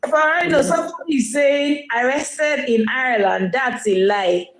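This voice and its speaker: A woman chimes in on a casual live stream, pressing her points in an argumentative way. Her voice sits somewhat high. It rings in a roomy, echoing space. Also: a little slow.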